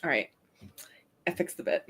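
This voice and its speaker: A woman co-hosting a casual writing stream, excitable and giggly. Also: normal speed. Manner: giggly and excitable, reads aloud in a put-on accent. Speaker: streamer co-host.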